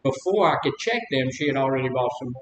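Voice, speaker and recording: A man's voice: expressive, fast talker, a bit bright. A man leading a recovery group as counselor, talking casually, asking the group questions and telling personal stories with humor. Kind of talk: informal group talk on recovery. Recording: echoey room with faint rumble.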